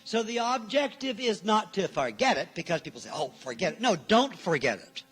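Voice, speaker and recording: A man with a high voice preaches a sermon to his congregation. He drives his points home by repeating key phrases and briefly acting out the people he quotes. Faint music sits under his voice. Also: big pitch swings, moderate pace, a bit bright, breathy edge. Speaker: minister. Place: church.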